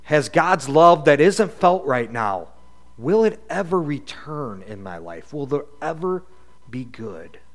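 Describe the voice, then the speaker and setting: A man's voice: on the high side, very animated, takes it slowly. A man teaching from scripture in a sermon, reading verses aloud and asking reflective, rhetorical questions. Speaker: Bible teacher.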